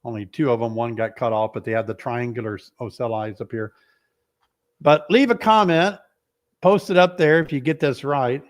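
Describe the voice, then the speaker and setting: A man's voice: medium pitch, moderate pace. A middle-aged man hosting a casual beekeeping live stream, playful and teasing, short of breath and coughing from an illness. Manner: playful, teasing, with animated exclamations. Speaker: beekeeping host.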